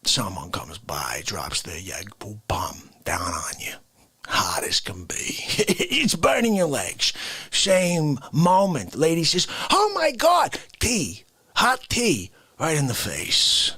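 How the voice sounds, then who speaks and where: A man doing a husky, rambling old crank. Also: sits high, huge pitch swings, slow, exaggerated voice. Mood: ranting. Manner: rambling rant, bursts into shouts. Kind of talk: comedic improvised rant.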